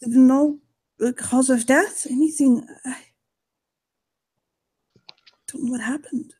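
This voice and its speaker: A broken old werewolf guard, as a woman plays him at the table, stumbling over his words as he tells of his lost family. The voice sits fairly high, with halting, faltering phrasing and rough language. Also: fairly even intonation, mellow. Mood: grieving. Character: grieving elderly male werewolf guard, crude-mouthed. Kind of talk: in-character tabletop role-play.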